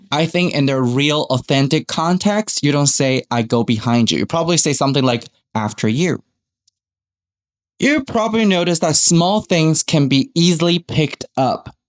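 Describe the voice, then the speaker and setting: A man from Taiwan whose first language is Mandarin teaches English in a podcast lesson on speaking skills. His voice runs on the high side, and he explains things step by step, saying example phrases aloud as models.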